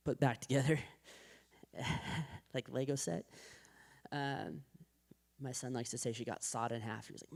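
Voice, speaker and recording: Man, 30s, church testimony speaker, casual filler-heavy delivery, mid-pitched voice, acts out quoted voices. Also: creaky, a little mellow. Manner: conversational, full of "like" fillers and restarts; acts out quoted voices of his wife and the doctor. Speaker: speaker at a church men's breakfast. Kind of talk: personal testimony talk.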